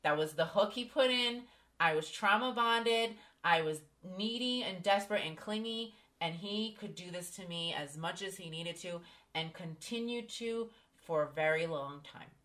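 Woman podcast host, kinda low voice, telling her story candid and emphatic. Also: measured pace, a bit bright. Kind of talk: casual podcast conversation.

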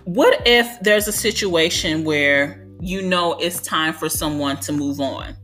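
A woman's voice: low-pitched, slow pace, a bit bright, faint music behind. A woman hosting a podcast for childcare educators, talking in an earnest, encouraging way and often saying "you know.". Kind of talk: conversational advice monologue.

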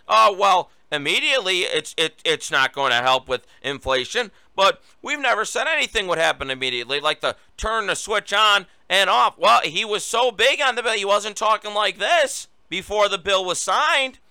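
This is a man hosting his own political show, pitched high with a bright, smooth voice. He talks in a combative, mocking way full of sarcasm. The sound is dry and close, with no room in it. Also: no room sound. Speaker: political talk show host. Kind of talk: opinionated political commentary.

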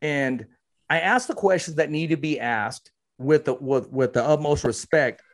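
A man's voice: fairly high pitch, moderate pace. A man hosting a boxing podcast who asks questions earnestly and often stumbles and repeats words. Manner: earnest, repetitive, stumbling restarts. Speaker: podcast host. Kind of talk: casual interview.

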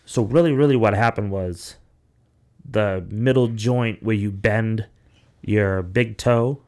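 A man's voice: lowish voice, slow, a little mellow. A young man hosting a podcast, telling a long story casually with lots of swearing and "like" fillers. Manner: rambling, profane, acts out quoted voices. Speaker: podcast host.

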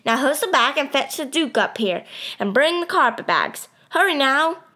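A woman voicing a scheming old male con man who poses as a preacher, smooth and theatrical, in a storybook reading. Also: high-pitched, animated, normal speed, bright, forceful tone. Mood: commanding.

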